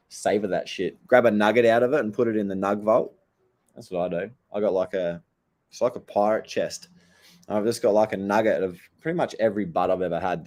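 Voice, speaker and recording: A man's voice: fairly low pitch, a little mellow. A young Australian man chatting casually to his viewers, laid-back and slangy, swearing a lot as he tells stories. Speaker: vlogger.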